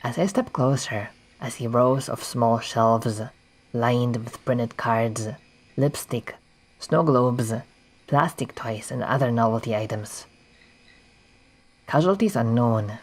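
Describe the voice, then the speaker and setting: A streamer casually narrating a text adventure game, reading the descriptions aloud with quick offhand asides. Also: medium pitch.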